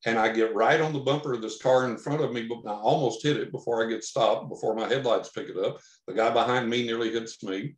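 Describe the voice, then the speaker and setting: A man from Texas telling a long personal story as a podcast guest, animated, acting out the lines he quotes. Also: mid-range voice, brisk, few pauses. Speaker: podcast guest, psychic investigator. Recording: roomy echo.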